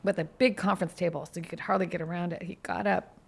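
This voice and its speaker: A woman lawyer co-hosting a podcast, telling stories in an animated, vivid way. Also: lowish voice, fast, creaky, slightly rough. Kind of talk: casual storytelling chat.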